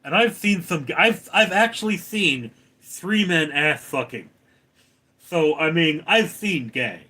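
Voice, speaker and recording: Male streamer with a fairly high voice and an unhurried pace, reads chat aloud and answers with dry jokes. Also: expressive, pushed and bright. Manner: reads viewer comments aloud and answers them, wry and joking. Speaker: livestream host reading chat. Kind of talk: casual live chat.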